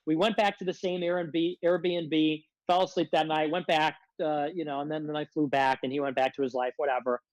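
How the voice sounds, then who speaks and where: A man's voice: on the high side, fairly even intonation, normal speed, few pauses, dry recording, rough recording. A man ranting as a guest on a livestream, confrontational and self-described as a hothead, repeatedly demanding answers. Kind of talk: heated casual rant.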